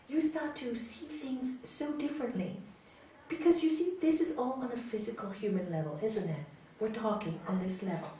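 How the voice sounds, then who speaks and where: A woman's voice: a little high, distant mic, a little hiss or hum. Woman teaching yoga in an echoey hall. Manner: animated storyteller, acts out quoted voices, frequent "hmm?" to listeners. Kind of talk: spiritual talk to an audience.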